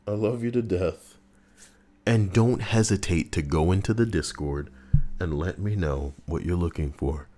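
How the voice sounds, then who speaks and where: Deep-voiced animated male streamer. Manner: animated, swings between loud outbursts and low mutters. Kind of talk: casual live-stream commentary.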